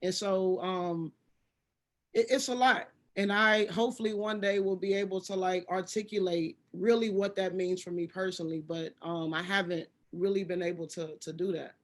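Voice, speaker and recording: A woman speaking as a panelist in a discussion, halting and searching for her words. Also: fairly low pitch, steady tone.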